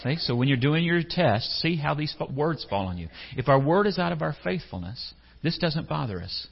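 Husky-voiced preacher in an echoey hall. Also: male voice, fairly high pitch, very animated, moderate pace. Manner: conversational, asks the congregation questions, acts out quotes. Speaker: pastor. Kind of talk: sermon. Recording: echoey hall, slightly dull sound.

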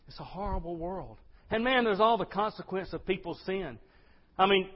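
Impassioned preacher in a reverberant hall. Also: male voice, sits high. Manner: swings from hushed to loud impassioned preaching. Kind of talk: sermon. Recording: dull sound with long hall reverb.

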